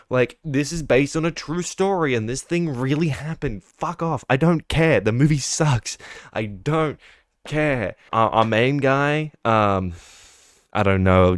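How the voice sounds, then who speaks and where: In a casual monthly movie review, a young man rants with exasperation, swearing and mocking whatever he dislikes. His voice is medium in pitch, recorded with clean studio sound and no echo.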